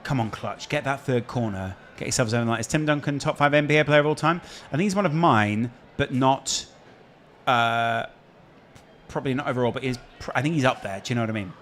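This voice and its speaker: A man's voice: mid-range voice, a little fast, fairly bright tone, slight background noise. A man with a Scouse accent hosting a casual live stream, chatting and answering viewer questions. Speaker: streamer host.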